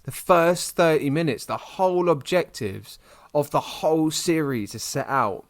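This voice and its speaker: A man's voice: on the high side, lively intonation, a little slow, no echo. Chatty British man, dry sound. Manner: rambling, many restarts and fillers, says "mate". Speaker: podcast co-host. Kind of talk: casual chat.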